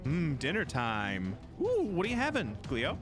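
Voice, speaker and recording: A man casually commenting live while playing a game, chatty and excitable, swearing and talking back to the characters. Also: fairly high pitch, a little slow. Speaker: streamer. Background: game music.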